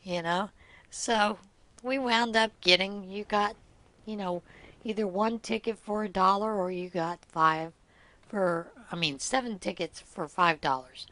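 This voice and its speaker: A woman's voice: mid-range voice, measured pace, bright, forceful tone, dry recording. A middle-aged woman hosting a craft vlog, telling good-humored stories in a chatty way and laughing often. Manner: teasing, good-humored anecdotes. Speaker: knitting podcast host. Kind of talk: casual storytelling vlog.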